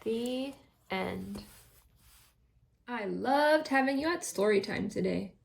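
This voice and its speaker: A woman's voice: fairly high pitch, animated, slow pace, gravelly. A woman hosting a children's storytime, reading a picture book aloud in a friendly way for young listeners. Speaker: storytime host.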